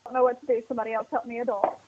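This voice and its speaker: High-voiced young woman in a muffled clip. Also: level tone, very fast. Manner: chatty, hedging with "like" and "maybe". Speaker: guest in a played video clip. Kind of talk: casual chat. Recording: dull clip with faint noise.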